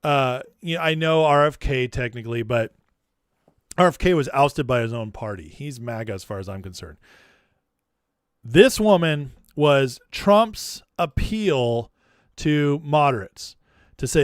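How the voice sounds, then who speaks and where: Brief: opinionated male vlog host, smooth voice, dry close sound. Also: medium pitch, animated, measured pace, no echo. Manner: chatty, opinionated, offhand. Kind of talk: political commentary vlog.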